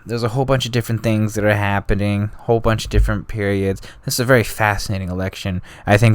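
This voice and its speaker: A man's voice: fairly low pitch, clean tone, no room sound. A man hosting a history podcast, telling it in loose, slangy, casual talk full of asides. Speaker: podcast host.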